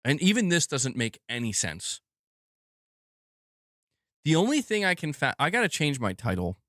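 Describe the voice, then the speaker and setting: A man's voice: a little high, very animated, moderate pace, a bit bright, no room sound, studio quality. A man ranting on his live stream, exasperated and swearing a lot. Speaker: gaming news streamer.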